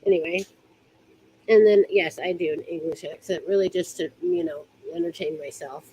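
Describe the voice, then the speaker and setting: A woman's voice: fairly low pitch, fairly even intonation, normal speed, mellow, slight background noise, low-quality recording. Chatty, giggly woman teaching rope ties. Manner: chatty, giggly, trails off mid-sentence. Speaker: rope bondage instructor. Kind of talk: casual hands-on demonstration.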